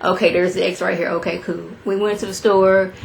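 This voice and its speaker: A woman in her thirties chattily recapping a TV episode to her viewers, acting out quotes in a high voice. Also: fairly quick, vocal fry, slight background noise. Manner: animated storyteller, acts out quotes in a high voice; chatty, talks straight to viewers. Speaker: TV review vlogger.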